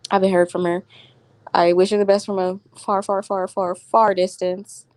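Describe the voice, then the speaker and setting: A woman's voice: mid-range voice, little pitch movement, normal speed, darkish tone, no echo. A woman vlogging at home, telling a story in slangy casual chat and laughing often as she talks. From Florida.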